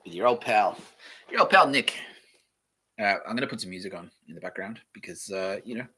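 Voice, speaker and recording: A man's voice: low voice, fast talker, fairly bright tone, slightly rough. An Australian man hosting a solo podcast, reading aloud in a meandering, offhand way and swearing casually. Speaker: podcast host.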